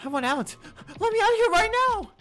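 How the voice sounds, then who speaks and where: A man voicing a frightened teenage girl in a shrill falsetto, pleading and desperate. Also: huge pitch swings, a little slow, heavily acted. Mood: panicked.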